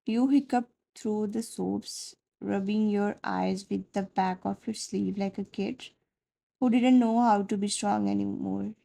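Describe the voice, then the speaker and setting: Woman narrating fan fiction, soft dramatic telling, kinda gravelly. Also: medium pitch, steady tone, measured pace, poor audio.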